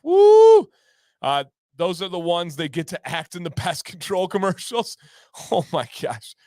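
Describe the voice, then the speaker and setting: Livestream host, male, from Michigan; chatty, laughs a lot, repeats himself. Slightly higher voice, dry close mic. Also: normal speed, dry recording. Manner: chatty and animated, laughs often, repeats phrases, reacts to chat by name. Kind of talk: casual livestream chat, reading viewer comments.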